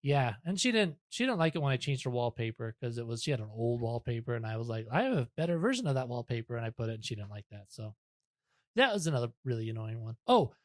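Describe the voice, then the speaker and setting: A man's voice: medium pitch, big pitch swings, quick pace, dry recording, clean studio sound. A young man talking as a podcast guest in casual chat, rambling and self-deprecating, with many restarts.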